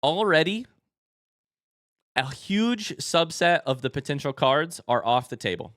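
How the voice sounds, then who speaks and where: A young man live-streaming as he opens card packs and chats with viewers, turning excitable and hyping each reveal. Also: measured pace, dry recording, studio quality. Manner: excitable, bursts into high shouts; hype commentary.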